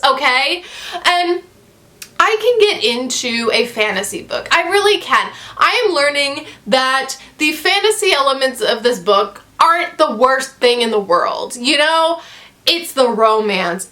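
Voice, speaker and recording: A woman's voice: high-pitched, lively intonation, measured pace, pushed and bright. A young woman in her twenties reviewing a book in a casual rant to the camera, exasperated, crude and emphatic, repeating her points.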